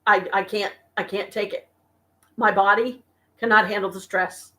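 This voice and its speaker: A woman's voice: medium pitch, fairly even intonation, bright, forceful tone. Weary woman venting at home. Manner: weary, venting, slow and halting. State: exhausted and stressed. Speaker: vlogger talking to viewers. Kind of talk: casual live-stream chat. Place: home apartment.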